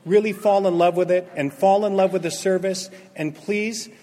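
A man gives his personal recovery testimony to a meeting in a high, lively voice. He tells it like a storyteller, acting out what people said and dropping from loud to hushed. A long reverb trails his words through the hall. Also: normal speed. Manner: animated storyteller, acts out quotes, swings from loud to hushed.

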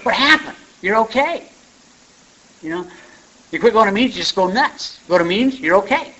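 Guy telling his story at a meeting, chatty and folksy, bright sharp voice, dull old recording. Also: high-pitched, expressive, fast, slight background noise. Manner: conversational storytelling, folksy asides. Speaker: speaker at a recovery meeting. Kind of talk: personal share talk. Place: meeting room. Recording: muffled lo-fi recording.

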